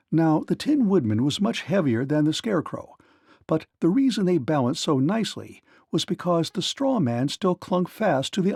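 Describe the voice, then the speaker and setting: A man narrating a children's read-along story in an animated storytelling manner. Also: on the high side, no room sound, studio quality.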